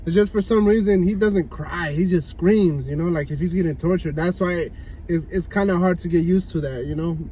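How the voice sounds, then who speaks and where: A man's voice: high-pitched, fairly quick, mellow, low-quality recording. A young man chatting casually on a couple's vlog, laid-back and leaning on "you know?" after nearly every thought. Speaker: vlogger. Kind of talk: casual chat. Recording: light background noise.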